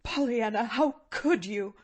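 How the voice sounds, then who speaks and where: A woman's voice: fairly high pitch, big pitch swings, slow pace, a little mellow, husky, voice pushed up, heavily acted. A woman voicing a stern, proud older aunt who sounds indignant and scolding in a storybook reading.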